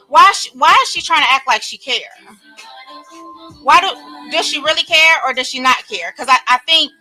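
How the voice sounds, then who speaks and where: A woman chats to her live-stream viewers from her bedroom, greeting each one by name in long, drawn-out hellos. Her voice sits high and sounds bright. The sound is dry and close, and she sniffles now and then. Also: no echo, low-quality recording. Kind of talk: casual live-stream chat. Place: home bedroom.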